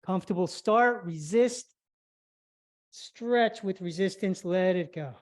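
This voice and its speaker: Slightly out of breath, a woman teaching a live online stretching class talks her students through each movement one step at a time. She's a flexibility instructor with a mid-range voice and a slow pace.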